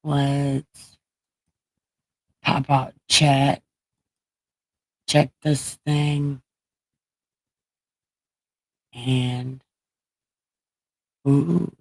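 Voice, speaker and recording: A woman's voice: deep voice, steady tone, drawn-out words, long pauses, a little mellow, no echo, rough recording. A woman hosting a livestream and retelling Bible stories in a rambling, profane, irreverent way. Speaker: livestream host. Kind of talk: casual comedic Bible retelling.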